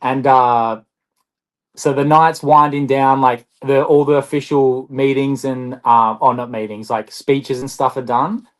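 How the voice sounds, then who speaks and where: This is a young man, a basketball player guesting on a podcast. He tells his stories in a chatty, rambling way, with restarts and lots of "like". His voice sits in a medium pitch range. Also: measured pace, poor audio. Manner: chatty, rambling, animated storyteller. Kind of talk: casual podcast storytelling.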